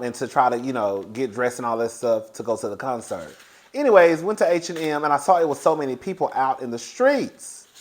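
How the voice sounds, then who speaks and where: A young man telling a casual storytime to his viewers, animated and chatty, often calling the listener "girl" and jumping into high excited bursts.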